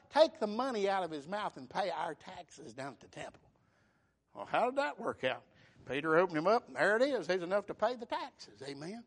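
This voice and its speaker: Fervent high-voiced preacher. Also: male voice, very animated, fairly quick. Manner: fervent, builds to shouting bursts, folksy storytelling. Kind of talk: sermon.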